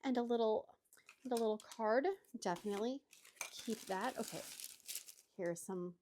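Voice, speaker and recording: A woman's voice: a little high, normal speed, background noise. A married woman hosting a chatty craft-unboxing vlog from her crafting table at home, gushing and gasping over each item. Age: adult, married. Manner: gushing, gasps and exclaims often. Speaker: craft channel host.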